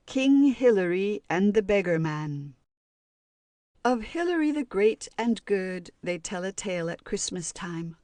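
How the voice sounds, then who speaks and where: A woman reading children's poems aloud in a slow, sing-song rhyming way. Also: on the low side, a little mellow, no room sound, clean studio sound. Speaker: audiobook reader.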